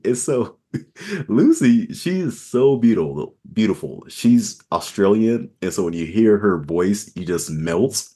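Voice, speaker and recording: A man hosting a casual adult podcast, telling stories with lots of laughter and squeaky put-on voices. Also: a little slow. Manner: animated storyteller, laughs and jumps into high-pitched voices. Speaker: podcast host.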